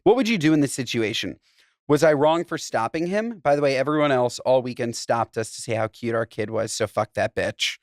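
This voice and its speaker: A man co-hosting a podcast in casual chat, animated and crude, laughing often and reading a listener letter aloud. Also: medium pitch, fairly quick, dry recording, studio quality. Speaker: podcast co-host.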